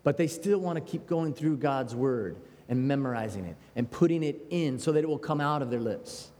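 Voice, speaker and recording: An American man preaching a sermon in a conversational, animated way, with quoted asides. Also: medium pitch, normal speed. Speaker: pastor. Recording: long hall reverb.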